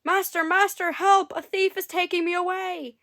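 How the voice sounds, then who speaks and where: Woman voicing a terrified enchanted harp, high shrieking voice, panicky, storybook creature. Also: little pitch movement, normal speed, bright, forceful tone, full character voice. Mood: panicked. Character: frightened magical female harp.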